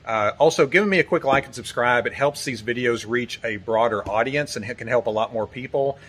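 A man with a Southern US accent, hosting his kayak channel and explaining gear terms in a relaxed, folksy way with loose fillers. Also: medium pitch, brisk, slight background noise. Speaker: kayak channel host and retailer. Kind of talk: casual instructional explainer.

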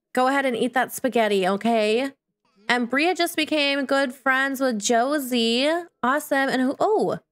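A woman giving chatty, excitable Let's Play commentary over a life-simulation game, breaking into squeals at small wins. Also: high voice. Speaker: gaming YouTuber.

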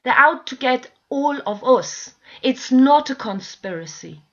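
A woman with a high voice delivers a frustrated, pleading rant to her viewers from home. She swears freely and keeps pressing her audience to listen. The recording sounds dull and lo-fi. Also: lively intonation, measured pace. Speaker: video blogger. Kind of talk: impassioned ranting monologue. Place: at home with dogs nearby.

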